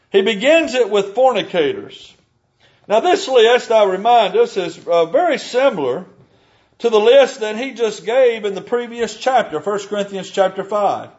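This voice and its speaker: A man's voice: high voice, lo-fi sound. A man preaching a sermon, earnest and emphatic, reading scripture aloud.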